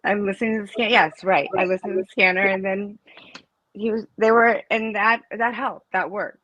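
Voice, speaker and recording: A woman's voice: medium pitch, fairly even intonation, moderate pace, fairly bright tone, rough recording. A middle-aged woman, a student's mother, telling stories emphatically in a casual interview, restarting her sentences often. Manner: emphatic, storytelling, with many restarts.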